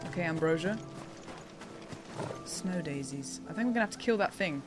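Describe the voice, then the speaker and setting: A woman's voice: fairly low pitch, animated, moderate pace. An English woman from England chatting playfully with her live-stream chat while she plays, teasing viewers and laughing often. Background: game music.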